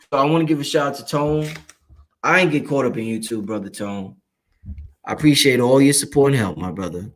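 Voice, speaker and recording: A man's voice: medium pitch, fairly quick. A man from Brooklyn, New York hosting a casual livestream, talking loosely and profanely while reading and answering viewer chat. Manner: animated, profane, streetwise, addresses viewers directly.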